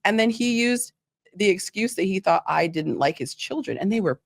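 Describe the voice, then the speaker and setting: Female talk host, lively storyteller, mid pitch, dry close sound. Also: normal speed, gravelly, no room sound. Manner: animated storyteller, acts out quotes. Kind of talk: casual interview talk.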